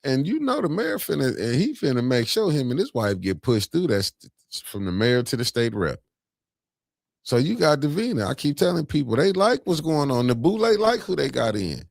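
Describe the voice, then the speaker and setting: A man's voice: mid-range voice, big pitch swings, normal speed, creaky, no echo, clean studio sound. A middle-aged man, hosting a casual political chat, laid-back and sarcastic, often laughing. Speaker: host.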